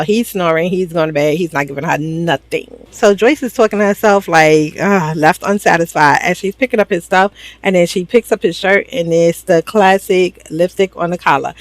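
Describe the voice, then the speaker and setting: New lady gabbing about a show, lively and slangy, dry close sound. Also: on the low side, no echo. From New York. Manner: animated, slangy, acts out characters' lines. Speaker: TV show recap host. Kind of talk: casual chat.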